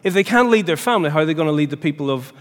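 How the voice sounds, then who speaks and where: A man giving a lively church seminar talk, often putting questions to the audience and restarting his phrases. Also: a little high, rapid-fire. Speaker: seminar speaker. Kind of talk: teaching talk. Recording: long hall reverb.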